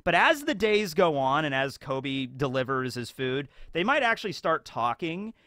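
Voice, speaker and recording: A man's voice: a little high, big pitch swings, normal speed, pushed and bright, dry recording. A man hosting a video in rambling, casual commentary full of fillers. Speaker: video host.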